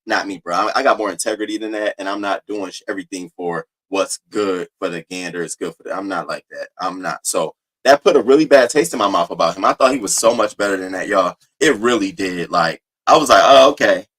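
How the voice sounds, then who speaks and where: A man hosting a livestream, talking casually and bluntly to his viewers, often profane and animated. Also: deep voice, fairly quick, few pauses, low-quality recording. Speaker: livestream host.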